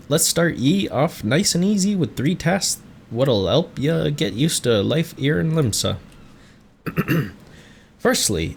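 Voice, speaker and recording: A man voicing a rough, friendly male tavern keeper in a salty dialect, with a gravelly edge. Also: mid-range voice, slight background noise, close to an everyday voice. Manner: piratey dialect, dropped endings, hearty.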